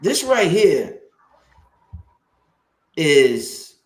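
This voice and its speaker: A man talks with a high voice, full of excitement and confidence as he hosts a livestream. His speech is loose and casual, with swearing. The sound rings around an echoey room. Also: very slow. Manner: hyped, excited and self-assured, swears freely. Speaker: livestream host.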